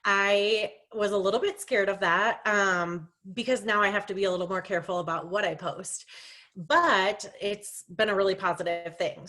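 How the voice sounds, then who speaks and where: A woman's voice: medium pitch, a bit bright. A young woman giving a casual, chatty training for her sales team over a video call, full of fillers, restarts and jokes at her own expense. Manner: chatty, self-deprecating, many fillers and restarts.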